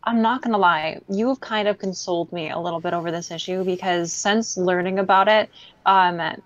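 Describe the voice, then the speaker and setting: A woman calling in as a viewer, chatting candidly and softly in a casual talk. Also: on the low side, steady tone, normal speed, dry recording, dull audio. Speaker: viewer and caller. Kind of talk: casual chat.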